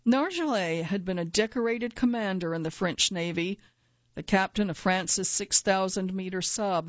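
A woman reading her own first-person nonfiction essay aloud in a measured, earnest way, at times quietly angry. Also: fairly low pitch, dry recording, muffled recording.

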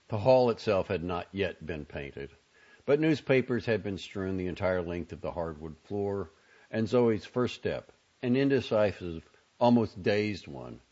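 Deep-voiced male narrator, lively melodic reading, breathy grain. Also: highs cut off. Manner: measured, expressive storytelling. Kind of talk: audiobook reading.

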